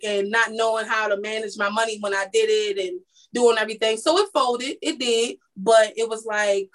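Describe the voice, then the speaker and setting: Candid young woman, high voice. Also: normal speed, low-quality recording. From East Baltimore, Maryland. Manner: candid, rambling, many restarts. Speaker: guest, makeup artist. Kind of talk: casual interview chat.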